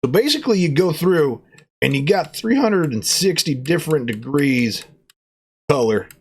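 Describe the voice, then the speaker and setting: A man's voice: normal speed, husky. Playful man unboxing gear. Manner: playful, jokey cowboy persona with excited pitch jumps. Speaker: product reviewer. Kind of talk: casual unboxing vlog.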